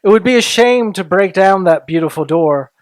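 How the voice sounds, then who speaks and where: A man hosting a story podcast, reading a classic tale aloud in a deliberate, sometimes hushed way. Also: high-pitched, expressive, no echo. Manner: slow, deliberate, softening into hushed tones. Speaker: story reader and podcast host.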